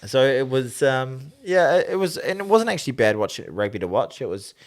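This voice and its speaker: A man's voice: medium pitch, sing-song, moderate pace. A man co-hosting a podcast, chatting casually and jokily about rugby, often trailing off onto tangents and restarting his sentences. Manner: rambling, tangent-prone, jokey with restarts. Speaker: podcast co-host.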